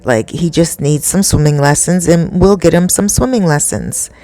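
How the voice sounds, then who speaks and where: A woman voicing a calm man who soothes and brushes off worries. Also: low voice, normal speed, no room sound. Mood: reassuring. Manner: dismissive, soothing reassurance. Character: calm, reassuring man, a new villa owner.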